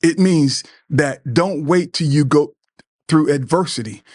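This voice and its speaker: A man's voice: on the high side, measured pace, a little mellow, no echo, clean studio sound. Earnest man preaching to other men. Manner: earnest, preachy, repeats words, acts out quoted friends. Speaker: podcast host. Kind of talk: motivational talk to men.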